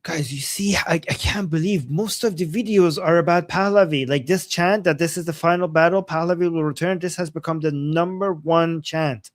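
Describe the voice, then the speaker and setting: A man on a video call giving live commentary on protest videos, excitable and often exclaiming as he translates chants. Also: fairly high pitch, normal speed, few pauses. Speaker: guest commentator. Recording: loud background noise.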